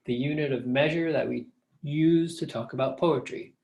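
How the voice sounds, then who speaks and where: A man's voice: a little high, moderate pace, creaky, darkish tone. A middle-aged man, a professor, patiently explaining step by step in a recorded lecture.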